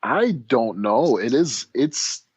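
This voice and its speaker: A laid-back man chats about movies as a podcast co-host, often pausing and restarting his thoughts. His mic sounds dull and slightly lo-fi, and there is no room echo at all. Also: medium pitch, sing-song, slightly rough. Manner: easygoing, hesitant, many restarts and fillers. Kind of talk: casual film-review chat.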